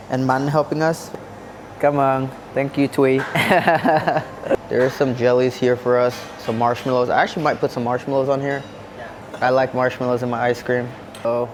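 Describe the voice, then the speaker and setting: A man vlogs a casual food review at an indoor hotel buffet restaurant, filmed with a camera-mounted shotgun mic. He chats as he tastes, savoring each bite and humming contentedly between mouthfuls. His voice is mid-range, with a little hiss or hum on the recording.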